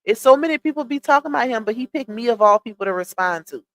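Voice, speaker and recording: Woman, livestream host, casual chat, slightly high voice, laughs often. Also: animated, fast, no echo. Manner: chatty, shouts out viewers while reading chat, laughs often.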